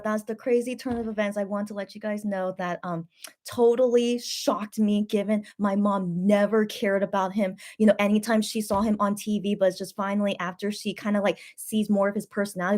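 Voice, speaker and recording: A young woman vlogger in casual late-night chat, excitable and rambling, often repeating her words as she tells a story. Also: medium pitch, fairly quick.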